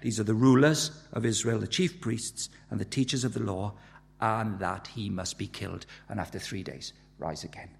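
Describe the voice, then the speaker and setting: Gravelly preacher in a reverberant hall. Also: male voice, fairly low pitch, normal speed, a little hiss or hum. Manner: urgent, emphatic preaching with sharp swings in loudness. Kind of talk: sermon.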